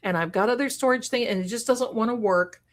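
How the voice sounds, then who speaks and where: A woman hosting a casual livestream, reading viewer comments aloud and gushing over them with sudden excited exclamations. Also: fairly high pitch, brisk. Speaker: livestream host and card reader.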